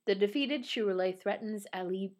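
A woman's voice: medium pitch, normal speed, a little mellow. A woman in casual chat who reads a ballet synopsis aloud, often laughing and stumbling over unfamiliar names. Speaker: podcast co-host.

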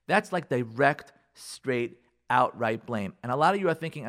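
A rabbi talking on a radio show, giving emphatic marriage advice and acting out what spouses say to each other. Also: male voice, mid-range voice, lively intonation, moderate pace, a bit bright. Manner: emphatic, acts out spouses' lines, uses Hebrew and Yiddish words.

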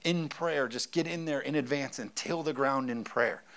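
A man's voice: mid-range voice, moderate pace, a bit bright. A man in his thirties, a pastor preaching a sermon with emphasis and often calling out for an amen.

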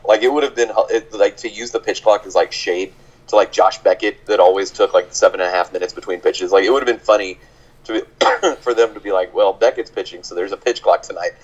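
A man's voice: on the low side, steady tone, quick pace. A man co-hosting a podcast in casual chat, dry and sardonic, stammering on restarts. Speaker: podcast co-host. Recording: dull lo-fi sound.

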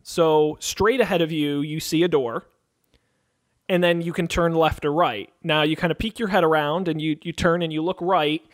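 A man's voice: a little high, steady tone, moderate pace, dry recording. A man narrating a tabletop game as game master, playful and teasing with his players.

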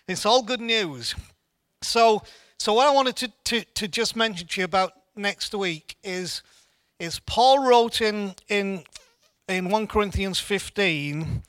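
A man's voice: sits high, a bit bright, no echo. A man giving an informal church Bible teaching in an earnest way, often repeating words as he restarts.

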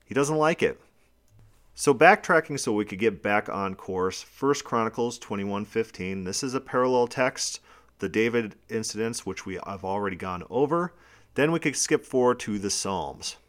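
A man with a lowish voice leads a podcast Bible study. He reads scripture passages aloud, then breaks each one down in plain, explanatory terms. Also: animated, moderate pace, a bit bright. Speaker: Bible teacher.

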